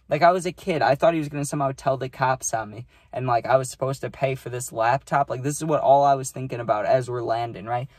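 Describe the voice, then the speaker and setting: A young man tells a story to his viewers in a loose, rambling way, full of "like" and "you know," with casual swearing. His voice sits at an ordinary middle pitch. The sound is dry and close, with no room echo. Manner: rambling, filler-heavy, sweary. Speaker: vlogger.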